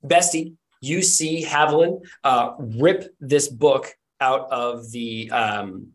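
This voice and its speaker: A man's voice: mid-range voice, slow pace. Brief: a man in a middle register, a loose and rambling tabletop game narrator. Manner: rambling, full of ums and likes. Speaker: game master.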